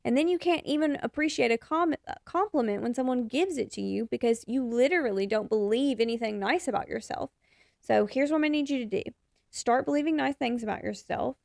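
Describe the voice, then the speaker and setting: A woman's voice: a little high, brisk, creaky, darkish tone, no echo, clean studio sound. A young adult woman hosting a podcast, giving frank, encouraging advice in a casual way and swearing now and then. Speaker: podcast host and photographer.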